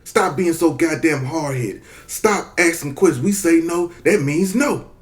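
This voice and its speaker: A man's voice: a little high, a little slow, voice pushed up, lightly acted. A man voicing a strict father who scolds his son with curses. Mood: scolding. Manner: gruff, scolding.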